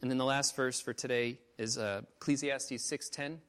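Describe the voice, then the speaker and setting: A missionary pastor preaching a sermon, telling stories with emotion, swinging from loud outbursts to hushed low tones. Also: male voice, steady tone, normal speed, smooth.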